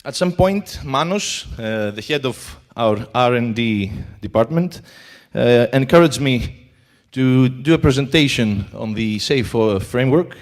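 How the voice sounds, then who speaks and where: Greek-accented male conference speaker, halting delivery. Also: medium pitch, animated. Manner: hesitant, many fillers. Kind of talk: conference talk. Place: conference hall.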